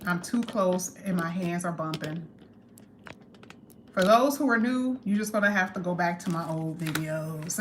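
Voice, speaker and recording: A woman giving a casual tarot reading to camera, chatty and lively, talking straight to her viewers and slowing down to stress key phrases. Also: lowish voice, background noise. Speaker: tarot reader.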